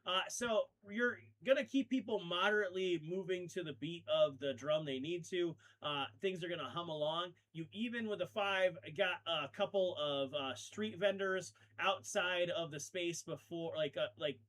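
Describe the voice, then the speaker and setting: A man's voice: high voice, moderate pace, hardly any pauses, a bit bright. A man narrating as game master of a tabletop role-playing game, in a loose style full of fillers.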